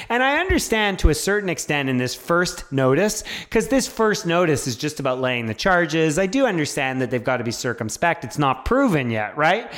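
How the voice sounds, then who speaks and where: Podcast co-host, Canadian man, slightly high voice, heated and animated delivery. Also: normal speed, hardly any pauses. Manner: animated, exasperated, swears when riled. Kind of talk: casual chat.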